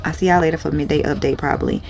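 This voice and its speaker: A woman's voice: low voice, fairly even intonation, very fast, creaky, a little mellow, slight background noise. A woman who sells clothes online, talking in a casual vlog in a rambling, blunt, profane way. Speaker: small online clothing seller.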